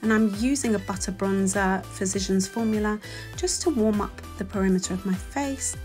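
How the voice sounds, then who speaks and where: A woman's voice: mid-range voice, normal speed. Woman, 40s, London accent; chatty, self-deprecating tutorial voice-over over faint music. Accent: London English. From England. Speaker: beauty vlogger.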